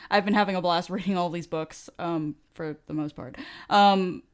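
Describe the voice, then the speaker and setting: A woman's voice: on the low side, steady tone, normal speed, clean tone. A woman co-hosting a podcast, chatting casually with lots of ums and easy laughter. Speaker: podcast co-host. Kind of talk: casual chat.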